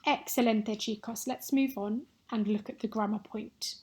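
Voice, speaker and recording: A woman teaching a recorded Spanish lesson, modelling words clearly and patiently for pupils to repeat. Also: fairly high pitch, fairly even intonation, normal speed, a little mellow, a little hiss or hum.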